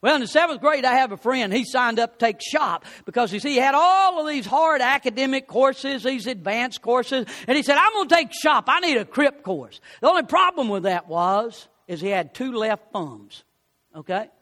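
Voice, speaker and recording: A man's voice: very high voice, animated, moderate pace, a bit bright, big-room sound. A man preaching a sermon, telling folksy stories and rising to fervent appeals.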